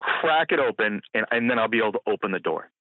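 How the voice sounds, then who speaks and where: A man's voice: on the low side, lively intonation, fast, dry recording. A man calling into an advice show, speaking hesitantly and repeating his words. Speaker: caller. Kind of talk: phone call to an advice show. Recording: tinny phone line.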